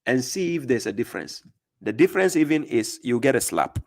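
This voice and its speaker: A man's voice: mid-range voice, very animated, a little fast. A man hosting a call-in religious debate, lecturing assertively and acting out examples. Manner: assertive, lecturing, acts out examples with sudden shouts and whispers. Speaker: host.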